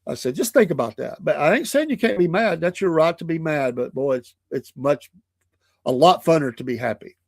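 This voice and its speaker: A man's voice: fairly high pitch, moderate pace, vocal fry, no room sound. Older guy rambling on his show, laughs a lot, dry close sound. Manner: folksy, chuckling, rambling storyteller. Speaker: morning show host. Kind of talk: casual podcast chat.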